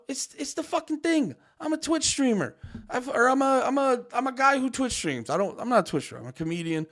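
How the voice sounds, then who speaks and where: A man's voice: very high-pitched, fairly bright tone. A man streaming live, a comedian ranting at his chat in a profane, exasperated, argumentative way. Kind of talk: livestream rant at chat.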